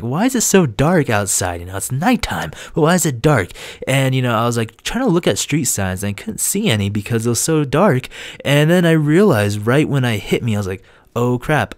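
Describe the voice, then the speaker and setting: A young man hosting a video channel, telling a story in a casual, animated way, laughing often and acting out quoted voices. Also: lowish voice, no echo. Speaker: gaming channel host.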